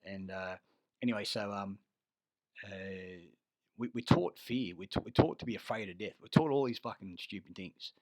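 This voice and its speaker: A man's voice: lowish voice, moderate pace, no echo. An Australian army veteran telling rambling, profane stories, often losing his thread and growing heated. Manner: grows loud and heated retelling a fight. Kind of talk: rambling personal storytelling.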